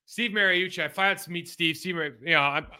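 A former pro football player in his forties from California breaks down game film loosely, full of football slang. His voice sits high and sounds quick, pushed and bright, with a clean tone.

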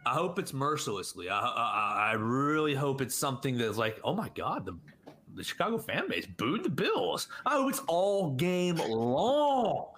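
A man co-hosting a casual sports podcast, ranting heatedly and swinging between loud and muttered lines. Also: mid-range voice, big pitch swings, moderate pace. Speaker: podcast co-host. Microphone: studio headphones and mic.

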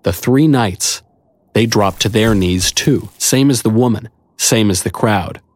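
This audiobook narrator has a lowish voice and an unhurried delivery, and the recording is dry from a close studio mic. He reads a first-person story with a wry, conversational tone.

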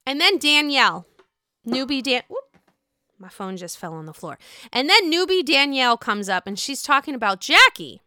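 A young woman recapping a reality show in a casual, gossipy, animated way, swearing freely. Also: high-pitched, normal speed, no room sound, clean studio sound.

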